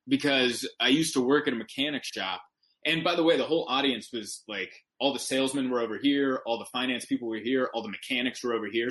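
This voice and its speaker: A man, a stand-up comedian guest on a podcast, telling a story in casual chat with animated, emphatic delivery and quick self-corrections. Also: medium pitch.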